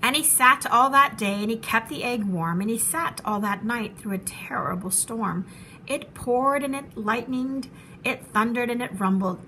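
A woman teacher reading a children's storybook aloud, expressive and animated, dropping to a hush at tense moments. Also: a little high, normal speed, a little hiss or hum, poor audio.

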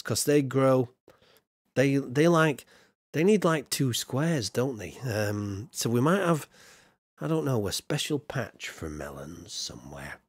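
A man streaming a building game, chatting casually and reading out his viewers' comments as he plays. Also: mid-range voice. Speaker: gaming streamer. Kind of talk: live-streamed gameplay chat.

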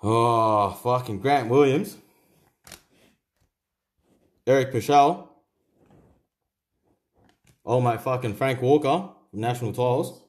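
A young Australian man opens card packs and calls out each name in an offhand, sweary patter. His voice sits at an ordinary middle pitch. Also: a little slow, pauses often. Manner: swears constantly, rattles off names. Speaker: card-opening channel host. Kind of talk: casual pack-opening commentary.

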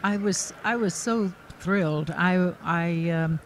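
A woman's voice: lowish voice, takes it slowly, a little hiss or hum, low-quality recording. An older actress as an interview guest, telling stories in a chatty way, laughing often and restarting her sentences. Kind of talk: casual anecdotal storytelling. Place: convention floor.

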